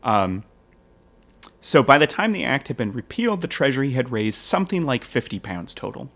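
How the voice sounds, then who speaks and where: A man who hosts a history podcast, explaining the past at length in a relaxed, joking chat and laughing easily. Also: medium pitch, normal speed.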